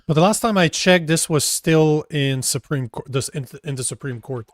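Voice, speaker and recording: A man's voice: fairly high pitch, normal speed, dry recording. Male co-host, casual political chat, loose and hesitant delivery, dry close sound. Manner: loose and conversational, hesitant when recalling facts. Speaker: political talk show co-host.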